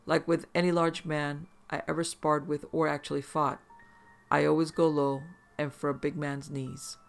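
A man's voice: fairly high pitch, flat delivery, moderate pace, creaky, faint music behind. A man narrating a first-person horror story in an intense, profane, vivid way.

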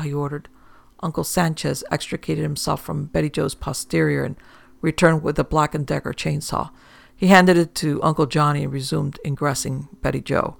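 A man reading a first-person story aloud in a wry, deadpan manner. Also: fairly high pitch, normal speed, creaky, no room sound. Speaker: audiobook narrator.

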